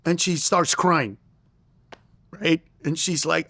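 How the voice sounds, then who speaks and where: A man's voice: fairly high pitch, fairly even intonation, slow pace, creaky, long pauses, bright, forceful tone, no room sound. A middle-aged man, a comedian, telling a story in conversation and acting out the lines he quotes. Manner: acts out quoted lines in raised voice, laughs through story. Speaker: comedian guest.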